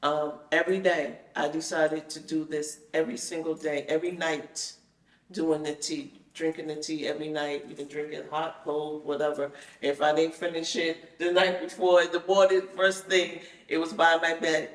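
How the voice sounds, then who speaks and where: A woman tells her story in a loose, lively way and acts out each exchange she remembers. Her voice sits a bit back from the mic, and the room around her rings with echo. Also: deep voice, normal speed. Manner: animated, acts out the conversations she retells. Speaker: guest telling her experience. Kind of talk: casual storytelling. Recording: roomy sound, mic at a distance.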